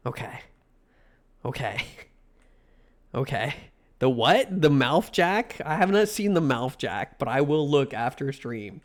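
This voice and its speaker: A young man talks casually on a live stream, rambling and swearing freely. He gets fired up when he rants, and his voice sits at a middling pitch for a man. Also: animated, a little slow. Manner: rambling, swears a lot, gets worked up ranting.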